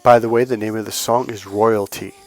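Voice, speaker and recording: A man who coaches on dating and healing, giving an animated, preachy motivational talk and retelling a story. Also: on the low side, a little fast. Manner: animated, acts out other people's lines in the story; preachy, emphatic. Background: faint music.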